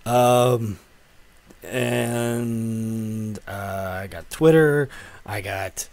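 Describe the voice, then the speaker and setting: A man's voice: fairly low pitch, steady tone, very slow, a little mellow, no room sound. A man in his thirties, a comic writer, reading out fan questions and answering them in a loose, rambling way full of fillers and swearing. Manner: loose and profane, with many fillers and self-corrections. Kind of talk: casual solo Q and A to camera.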